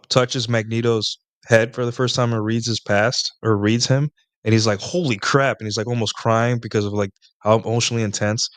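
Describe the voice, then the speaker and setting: Young guy streaming a q&a, rambly, lots of restarts, smooth clear voice, dry close mic. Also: fairly low pitch, no room sound. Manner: rambling, many restarts and filler words. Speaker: live stream host. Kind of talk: casual live Q&A monologue.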